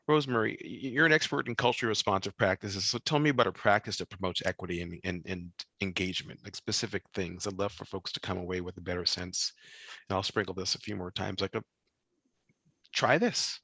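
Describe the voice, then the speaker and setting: A man hosting a radio panel, putting questions to guests in an animated, inviting way. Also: deep voice, fast talker, vocal fry, no echo. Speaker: radio host. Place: radio studio.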